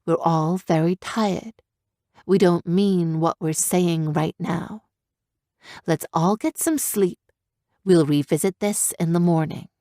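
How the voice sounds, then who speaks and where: A woman narrator voicing a calm, cool-headed female griffin mother who talks in a cold, measured way. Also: fairly low pitch, no room sound, studio quality.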